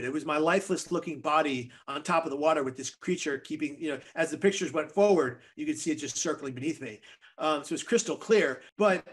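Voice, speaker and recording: A man with a somewhat raised pitch tells a personal story as a podcast guest. He speaks in an earnest, vivid way, building the scene as he goes. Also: a bit bright.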